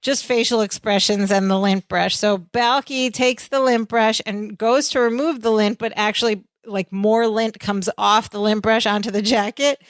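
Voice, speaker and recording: A woman's voice: mid-range voice, steady tone, normal speed, hardly any pauses, no room sound, studio quality. A woman co-hosting a sitcom rewatch podcast, talking through scenes in an analytical, chatty way. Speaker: podcast co-host. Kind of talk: casual podcast recap chat.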